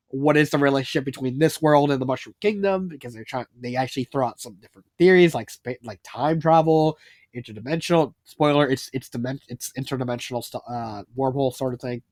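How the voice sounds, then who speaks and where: A man's voice: fairly high pitch, no echo, studio quality. A man giving a rambling, casual spoken review, full of fillers and swearing. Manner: rambling, filler-heavy, swearing, laughs a lot. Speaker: fanfiction reviewer.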